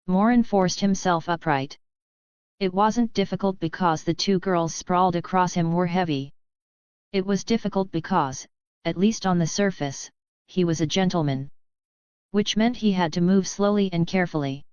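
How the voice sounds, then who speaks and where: Smooth low-voiced woman narrating. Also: normal speed, darkish tone, no room sound, dull audio. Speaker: audiobook narrator. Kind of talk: scripted narration.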